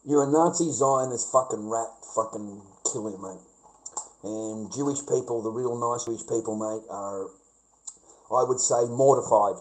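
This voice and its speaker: A man's voice: medium pitch, unhurried, rough recording. A middle-aged Australian man ranting on his live stream, swearing heavily and calling the listener "mate". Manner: swears heavily, says "mate" a lot, mocking laughs. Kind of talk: casual ranting monologue.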